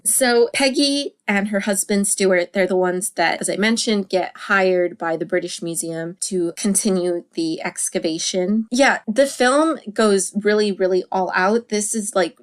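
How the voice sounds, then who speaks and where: A woman hosting a podcast, chatting casually about a book and its film, laughing often and using many fillers. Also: on the low side. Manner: acts out quoted lines with a raised voice. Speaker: podcast host.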